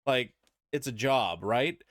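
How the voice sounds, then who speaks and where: A young man on a casual podcast, ranting with sarcasm and frequent swearing, voice bouncing up and down in pitch. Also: expressive, slow pace, a bit bright, dry recording, studio quality. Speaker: podcast co-host. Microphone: desk podcast mic.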